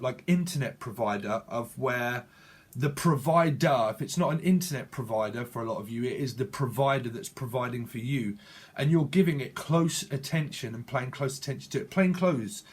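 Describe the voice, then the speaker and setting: A man giving a channeled tarot reading in a rambling, repetitive way, often correcting himself mid-word. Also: mid-range voice. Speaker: tarot reader.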